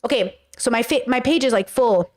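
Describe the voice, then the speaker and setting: A woman's voice: on the high side, a little fast. Blunt, profane woman streamer. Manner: blunt, profane, animated storytelling. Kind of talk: casual commentary stream.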